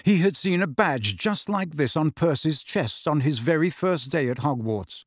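Male audiobook narrator, expressive, fairly high voice, very dry studio sound. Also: moderate pace, no echo. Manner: expressive storytelling. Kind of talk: scripted narration.

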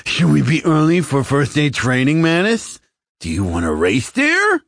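A man voicing an overexcited male alien recruit who gushes and shouts in an audiobook. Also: fairly high pitch, huge pitch swings, gravelly, no room sound, clean studio sound, pitched above the performer's own voice, exaggerated voice. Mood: gushing. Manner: shouting, gushing, fast bursts of enthusiasm. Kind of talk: audiobook character voice.

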